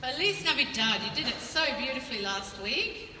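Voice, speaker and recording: In a large town hall, a high-pitched, very animated Australian woman runs a choir rehearsal at a moderate pace, cheering singers on and breaking into song to show the parts. A distant tripod camera catches her amid heavy background noise, echo, music, choir, and an instrument.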